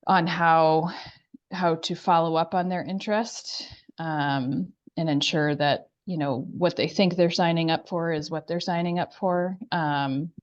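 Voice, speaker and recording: A woman's voice: low-pitched, steady tone, a little slow. A woman on a video call in a remote town meeting, explaining things at length with many fillers. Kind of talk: remote public meeting discussion. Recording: muffled video-call audio.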